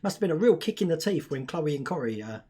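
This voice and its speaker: A man's voice: a little high, big pitch swings, fast talker, dark tone, slightly rough. A young man hosting a casual live stream, chatting, laughing often and reading out viewer comments.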